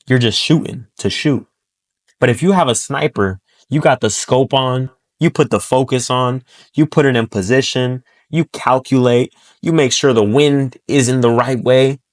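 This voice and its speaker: Talking at normal speed in a medium pitch, this self-improvement speaker gives a motivational talk about persuading people. He's emphatic and profane, voicing brief quotes and hammering his main ideas through repetition.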